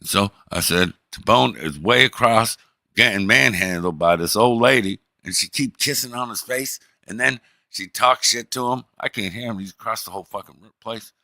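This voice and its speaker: A middle-aged man streaming, telling a story in a profane, animated way and acting out the people in it. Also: lowish voice, normal speed, dry recording, studio quality. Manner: profane, animated, acts out the people in his stories. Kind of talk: casual storytelling.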